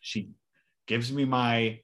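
A man's voice: mid-range voice, level tone, slow, a bit bright. A man co-hosting a podcast in casual chat, telling a rambling everyday story with some swearing. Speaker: podcast co-host.

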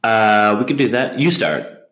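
A man with a low voice talks through his favorite film scenes in a loose, halting way. He stumbles, restarts and jumps into high-pitched impressions. The room sounds echoey around him. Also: big pitch swings, crowd noise. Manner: rambling, hesitant, acts out movie lines in high voices. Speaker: podcast co-host. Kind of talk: casual film chat.

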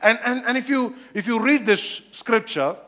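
Guy preaching a sermon, high voice, animated, keeps repeating phrases. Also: moderate pace. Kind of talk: sermon on scripture.

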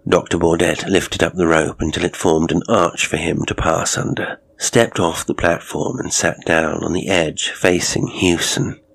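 Male narrator for a horror tale, very deep, slow, measured and dramatic. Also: fairly even intonation, gravelly, fairly bright tone, breathy edge, no echo.

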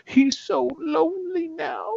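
A man's voice: extremely high pitch, takes it slowly, gravelly, darkish tone, highs cut off, pitched above the performer's own voice, heavily acted. A man voicing a creepy, coaxing sorceress who wheedles and drops into whispers. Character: creepy sing-song sorceress woman, coaxing.

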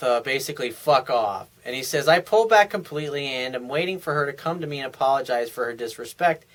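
A man's voice: mid-range voice, fairly bright tone, low-quality recording. A man giving blunt, profane relationship advice in a solo talk, acting out sample lines for the listener. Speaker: relationship coach.

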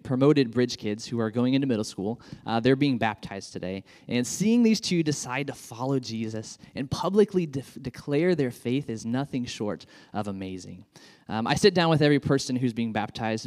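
A man's voice: mid-range voice, a little mellow. A man, a children's pastor, giving a sermon in an enthusiastic, conversational way with frequent fillers.

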